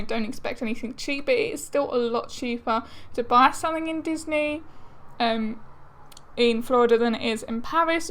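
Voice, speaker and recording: Chatty young woman vlogger, fairly high voice. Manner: chatty and exasperated, lots of fillers. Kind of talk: casual chat to camera.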